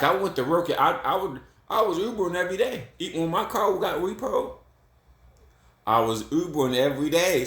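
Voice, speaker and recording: A man's voice: medium pitch, fairly bright tone. A middle-aged man from Ohio giving blunt, repetitive, swearing advice in a casual monologue, laughing at himself. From Columbus, Ohio. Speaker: vlogger. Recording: echoey room.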